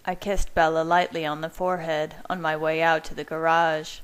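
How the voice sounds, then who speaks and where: A woman reading fan fiction aloud in a measured, even first-person narration. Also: low voice, clear, resonant tone, rough recording.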